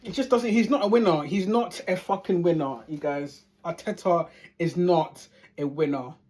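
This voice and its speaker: A woman's voice: on the low side, normal speed, mellow, a little hiss or hum. A woman ranting as a football fan vlogger, heated and sweary, repeating phrases for emphasis. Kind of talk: angry fan rant.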